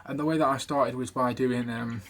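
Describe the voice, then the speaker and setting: A man's voice: mid-range voice, steady tone, brisk, fairly bright tone. A man giving a casual spoken tutorial on doing impressions, rambling with many fillers and restarts. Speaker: video creator teaching impressions.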